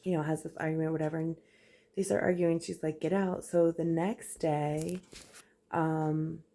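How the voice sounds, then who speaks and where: A young woman talks in a hushed, soft voice, gushing with excitement and lots of filler words. Her voice is low and gravelly, with a mellow, dark tone. Her pitch stays fairly flat. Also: normal speed. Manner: hushed, soft talking so a sleeping baby stays asleep. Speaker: vlogger. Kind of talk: casual faith vlog retelling a show.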